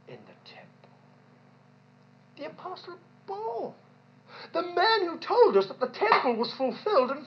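A woman preaching a sermon in an animated way, asking rhetorical questions and repeating points for emphasis. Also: high-pitched, slight background noise. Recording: dull lo-fi recording.

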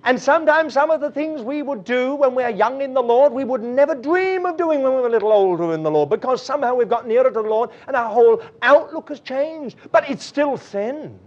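Man, preacher, high voice, digressive, chuckling storyteller, muffled recording. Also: brisk, hardly any pauses. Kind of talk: anecdotal sermon. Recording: dull lo-fi recording.

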